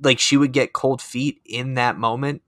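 A man with a bright voice, recorded dry and close, chatting on a movie podcast. He talks in a hesitant way and hedges each opinion. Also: medium pitch, fairly even intonation, moderate pace, no echo. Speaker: podcast co-host. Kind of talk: casual movie discussion.

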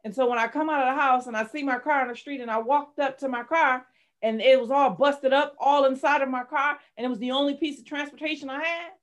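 A woman's voice: high-pitched, fairly even intonation, fast. Candid woman telling her story. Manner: candid, dramatic retelling, rising to shouts when reliving anger. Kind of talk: personal testimony in an interview.

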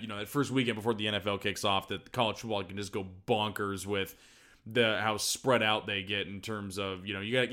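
A man's voice: medium pitch, fairly bright tone. A man hosting a podcast in casual chat, rambling and enthusiastic, joking at his own expense. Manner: rambling, enthusiastic, self-deprecating. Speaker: podcast host.

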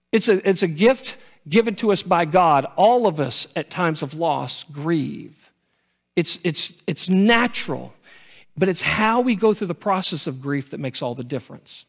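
A man preaching a sermon as pastor, earnest, often stumbling over and repeating his words. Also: on the high side.

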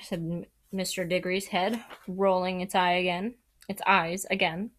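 A woman's voice: fairly low pitch, level tone, moderate pace. Woman casually reading a novel aloud. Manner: casual reading with self-corrections. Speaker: audiobook reader.

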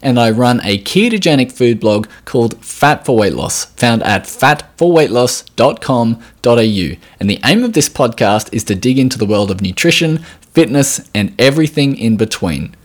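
A man with an Australian accent hosting a podcast, upbeat and chatty with frequent fillers. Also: mid-range voice. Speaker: podcast host. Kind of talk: casual interview chat.

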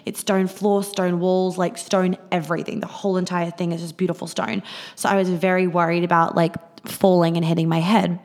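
Level in tone and darkish, this young Australian woman's fairly low voice moves fairly quickly. As a podcast host, she rambles through a casual story, swearing freely and leaning on plenty of fillers.

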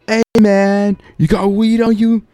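A man putting on a loud brash Jersey barfly. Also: very animated, moderate pace, no room sound. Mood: loud, pushy. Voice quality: loud, high-pitched, pushy. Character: loud brash male Jersey barfly, pushy old-timer.

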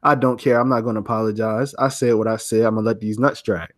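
A man's voice: lowish voice, steady tone, fast talker. A young man co-hosting a podcast, telling a story in loose, slangy casual chat with many fillers. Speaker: podcast co-host.

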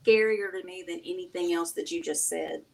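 A woman's voice: on the low side, a little fast, vocal fry, a little mellow. A woman on a podcast panel reacting sympathetically to a story in casual chat. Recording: distant mic with faint noise.

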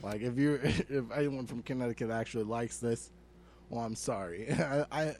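A man's voice: medium pitch, moderate pace, a little mellow, slight background noise. A man from New Jersey co-hosting a comedy podcast, swearing freely and ranting in exasperated disbelief. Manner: profane, rants with exasperated disbelief. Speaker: podcast co-host. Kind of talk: casual comedic chat.

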